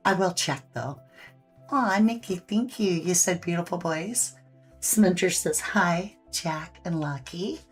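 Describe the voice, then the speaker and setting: A woman chats with her live-stream viewers in a low, husky, slow voice. She reads their comments aloud, and faint music plays underneath. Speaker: live-stream painting host. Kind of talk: casual live-stream chat.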